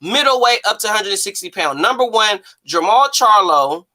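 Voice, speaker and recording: Lady host, super lively up and down voice, goes thru a list step by step. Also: mid-range voice, normal speed. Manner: methodical, reads out lists. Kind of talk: casual chat.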